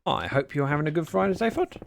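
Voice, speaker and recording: This is casual gaming-stream chat from a British man who reads his viewers' messages with wry humour at his own expense. He talks fast and animatedly in a slightly high, creaky voice, with a little hiss or hum behind him.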